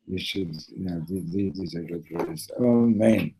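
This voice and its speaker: A man teaching a Torah class, an animated storyteller who acts out the characters' voices. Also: lowish voice, moderate pace, few pauses, a little hiss or hum, rough recording.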